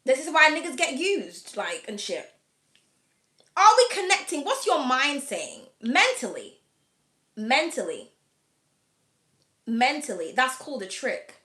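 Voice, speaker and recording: A woman in candid chat to camera, blunt and quick to swear. Her voice sits high and sounds bright and sharp. The room around her gives an echo. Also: sing-song. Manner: frank and blunt, swears freely, laughs often. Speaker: host of an astrology reading channel.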